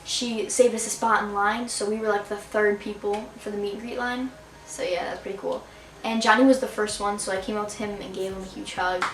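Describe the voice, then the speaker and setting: A teenage girl from the New area tells an excited, gushing story of meeting a singer, full of "like" and quick asides. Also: medium pitch, far from the mic, a little hiss or hum. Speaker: vlogger. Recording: roomy and a bit off-mic.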